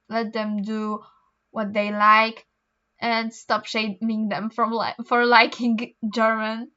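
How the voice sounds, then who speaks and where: A woman's voice: fairly high pitch, sharp tone, smooth, dull audio. Chatty young woman with a Polish accent. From Poland. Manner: chatty, rambling with many ums and restarts. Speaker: vlogger. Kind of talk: casual chat while doing homework.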